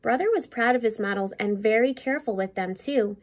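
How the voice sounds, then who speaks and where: A woman reading a picture book aloud to young children, expressive and teacherly. She pauses to show the pictures and ask the listeners questions. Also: a little high. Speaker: school principal.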